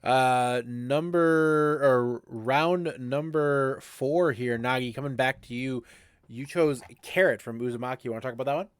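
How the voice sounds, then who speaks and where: A man hosting a casual esports podcast, briskly running through a list of draft picks and asking his co-hosts about them. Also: medium pitch, smooth, dry recording, studio quality. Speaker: podcast host.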